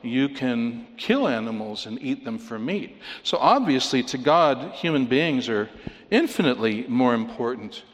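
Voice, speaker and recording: With an expressive mid-range voice at a measured pace, a man preaches while a long reverb tail follows him. His sermon unfolds as storytelling, with a joke, a scripture reading and rhetorical questions aimed at his listeners.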